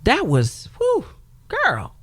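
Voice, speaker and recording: A woman's voice: high-pitched, huge pitch swings, extremely slow, fairly bright tone, dry recording. Emphatic woman sharing her testimony, dry sound. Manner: emphatic, storytelling with voiced quotes. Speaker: guest. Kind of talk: personal testimony in a radio interview. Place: radio studio.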